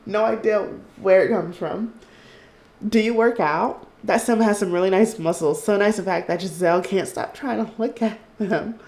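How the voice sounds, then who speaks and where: Brief: young adult woman, excitable game commentary, gravelly tone, echoey room. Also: mid-range voice, moderate pace, hardly any pauses. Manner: chatty, excitable, swears, reads game text aloud. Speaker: let's play host. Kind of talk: casual gameplay commentary.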